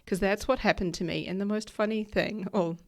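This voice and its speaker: A woman hosts a solo podcast. Her voice is raspy and nasal as she recovers from losing it, and her casual chat is upbeat, often checking in with "right?". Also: medium pitch, fairly even intonation, brisk, a little mellow. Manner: chatty and upbeat, laughs often, uses "right?" and "okay?" as tags. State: recovering from lost voice. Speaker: podcast host and ADHD coach.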